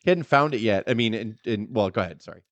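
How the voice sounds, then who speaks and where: Animated, laughing male podcast co-host. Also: fairly low pitch, fast, highs cut off, very noisy. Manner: animated, laughing, swears freely. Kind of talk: casual chat. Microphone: podcast microphone.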